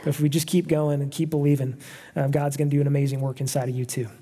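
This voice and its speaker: A man's voice: medium pitch, flat delivery, fast talker, warm tone, husky. A man preaching a sermon as pastor, earnest and conversational, often checking in with his listeners. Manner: earnest, conversational preaching with frequent "right?" asides.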